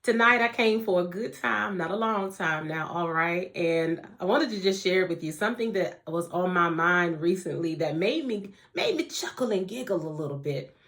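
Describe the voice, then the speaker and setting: A woman's voice: fairly low pitch, expressive, normal speed. Chatty woman preaching straight to camera. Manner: warm conversational preaching, addresses listeners as family and honey. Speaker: faith teacher. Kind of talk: casual devotional talk to camera.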